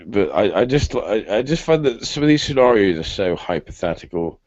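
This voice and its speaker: Here the British host of a casual online chat has a lowish, sing-song voice that is a little mellow, and he speaks fairly quickly with no echo. He rambles in a stop-start way, restarting often, and his computer mic on the video call gives muffled lo-fi sound.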